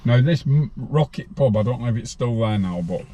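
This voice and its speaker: Guy in his sixties telling his life story on a podcast, plain and rambly, average pitch. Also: expressive, brisk, warm tone. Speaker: podcast guest.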